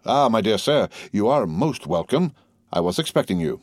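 A man reading the part of a suave, courteous nobleman count, speaking in a smooth, measured way. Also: on the low side, sing-song, darkish tone, no room sound, clean studio sound.

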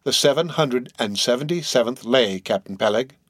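A man voicing a stingy, pious old ship owner who speaks slowly and steadily in a solemn tone. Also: mid-range voice, dry recording. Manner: slow, steady, sepulchral. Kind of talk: audiobook character voice.

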